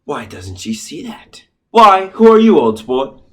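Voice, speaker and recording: A man's voice: fairly high pitch, very animated, unhurried. A man voicing a lovesick rich young man with a put-on posh manner in a student comedy play, breezy and smug.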